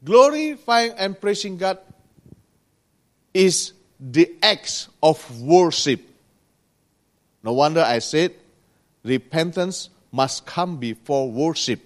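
A man delivers a sermon in a slow, deliberate cadence, leaving pauses between short phrases. His voice sits a little high for a man. He speaks earnestly in non-native English, stressing certain words. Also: sing-song. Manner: slow, earnest preaching with pauses and rising emphasis. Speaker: preacher.

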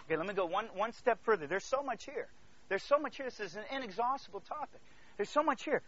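A pastor with a high, bright voice delivers a sermon, shifting from hushed near-whispers to loud outbursts as he calls out to his listeners. The recording sounds dull and lo-fi. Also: lively intonation, quick pace. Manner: storytelling, calls out to the congregation.

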